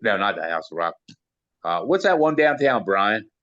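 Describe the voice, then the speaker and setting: A man's voice: lowish voice, big pitch swings, normal speed, fairly bright tone, dry recording, lo-fi sound. An older man from Maryland, an interview guest telling long rambling stories packed with "you know" fillers. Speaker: interview guest, sound engineer. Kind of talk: casual storytelling.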